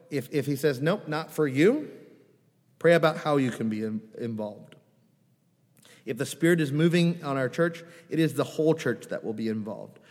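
A man's voice: mid-range voice, long reverb tail. A man preaching a sermon as a pastor, earnest and pleading, asking the congregation rhetorical questions in a conversational way. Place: church sanctuary.

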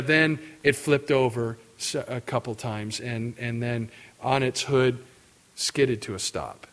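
Male pastor, middle-aged, sermon, animated storytelling, acted quotes. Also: medium pitch.

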